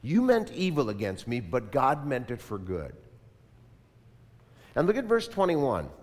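A man preaching a sermon in an animated style, asking the congregation to repeat lines after him. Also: mid-range voice, measured pace, big-room sound. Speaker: pastor.

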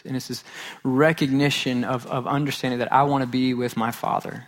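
A man's voice: mid-range voice, brisk. A man in his thirties preaching a sermon in an earnest way, repeating phrases for emphasis. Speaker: pastor.

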